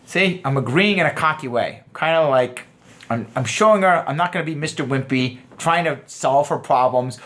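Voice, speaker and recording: Animated man in his thirties coaching. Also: fairly high pitch, brisk. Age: 30s. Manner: animated, acts out quoted lines in shifting voices. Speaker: dating coach. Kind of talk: casual video lesson.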